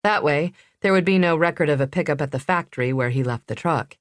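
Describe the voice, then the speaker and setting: A woman narrating a suspense audiobook in a measured, even reading. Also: deep voice, no echo, clean studio sound. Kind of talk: scripted narration.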